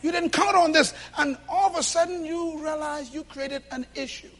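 High-voiced man preaching a lively sermon. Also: moderate pace, a little hiss or hum. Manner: animated and emphatic, swinging between loud bursts and low asides. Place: church with a congregation.

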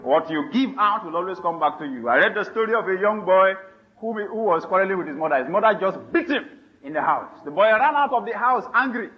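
A male pastor preaching a sermon, animated, laughing and calling for responses from the congregation. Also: high voice, fast, dull audio.

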